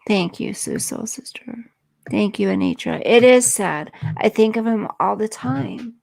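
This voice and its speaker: A woman's voice: mid-range voice, expressive, measured pace, vocal fry, darkish tone. A woman hosting a live stream, chatting earnestly and emotionally with viewers and reading their comments.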